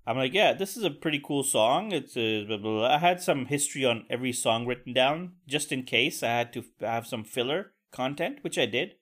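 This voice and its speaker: A man's voice: medium pitch, animated, fairly quick, hardly any pauses, a bit bright. A young man hosting a solo podcast, telling a profane, rambling story and venting with crude asides. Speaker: podcast host. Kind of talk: casual solo podcast rant.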